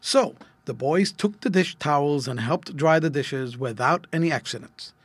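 A man reading an old-fashioned children's story aloud, gentle and expressive. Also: fairly high pitch, normal speed, husky, no echo. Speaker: narrator.

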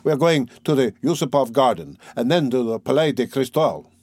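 A man reading an audiobook, voicing an eager young male student friend in a raised, lively, insistent voice. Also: medium pitch, fairly quick, slightly rough, dry recording.

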